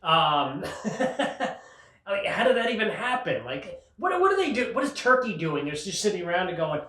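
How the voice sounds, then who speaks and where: A man's voice: high voice, big pitch swings, moderate pace, sharp tone. A male comedian hosting his show, riffing sarcastically in a rambling monologue and laughing at his own jokes. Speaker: comedian host. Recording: roomy sound, mic at a distance.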